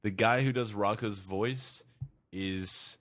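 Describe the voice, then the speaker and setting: A man's voice: on the low side, slow, fairly bright tone, no echo, studio quality. A man co-hosting a podcast, rambling and joking with profane asides. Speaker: podcast co-host. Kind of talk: casual chat.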